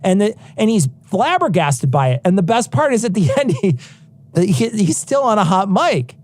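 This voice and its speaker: A man's voice: sits high, very animated, moderate pace, a little mellow. A man co-hosting a podcast, ranting heatedly with lots of swearing. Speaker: podcast co-host. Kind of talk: casual podcast chat.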